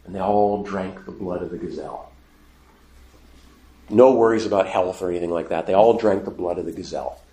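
A man preaching a sermon, animated, building to emphatic quoted lines. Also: low voice, brisk, roomy sound.

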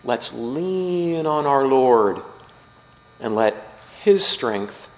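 Priest reading and preaching in echoing hall. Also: male voice, lively intonation, extremely slow. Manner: acts out quoted voices with rising pitch and force. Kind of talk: gospel reading and homily.

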